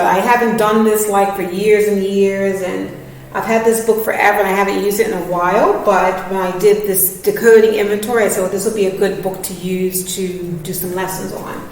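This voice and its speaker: A woman's voice: medium pitch, slight background noise. A woman teacher giving a patient, encouraging reading lesson to children, often checking that they follow. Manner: patient, encouraging, asks many checking questions. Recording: echoey room, voice from far off.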